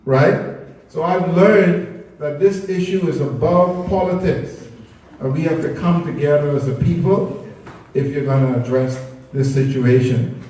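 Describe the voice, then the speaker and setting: Man, persuasive speaker, mellow slightly high voice, distant mic in a very echoey hall. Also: a little slow. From Bahamas. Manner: earnest, persuasive, speaks of a spiritual perspective. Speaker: speaker at a public talk. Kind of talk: public talk with slides. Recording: echoey room recorded from afar.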